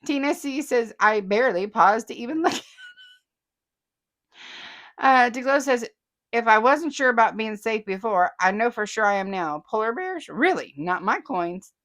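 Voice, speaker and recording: A woman's voice: on the high side, animated, normal speed, a bit bright. A chatty woman, hosting a casual vlog and reading viewer comments aloud with frequent laughter. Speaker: host.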